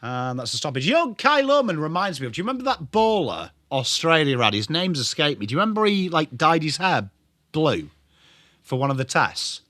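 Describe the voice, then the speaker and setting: A young man with an English accent hosts a live football watchalong, moving between calling the play and greeting his chat by name. His voice is bright and fairly high, with a lively, bouncing pitch. The sound is dry and close. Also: fairly quick, no echo. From England. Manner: chatty, greets viewers, lively. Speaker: livestream host.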